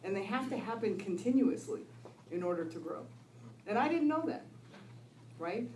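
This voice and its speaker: With a medium-pitched, darkish voice and lively intonation, a middle-aged woman gives a talk about her recovery, laughing frequently and asking "right?" She keeps a moderate pace. A little hiss or hum is present, and the echoey room leaves her sounding far away.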